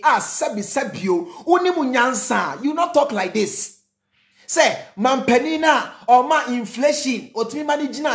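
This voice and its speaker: A speaker with a Ghanaian accent giving impassioned political commentary, repetitive and mocking, mixing Twi and English in rhetorical runs. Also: high voice. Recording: roomy echo.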